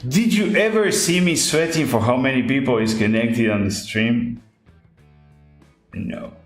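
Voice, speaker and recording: A man's voice: mid-range voice, measured pace. A man hosting a podcast in casual chat, ranting emphatically and repeating his points, speaking English as his second language. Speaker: podcast host. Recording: echoey room with faint music.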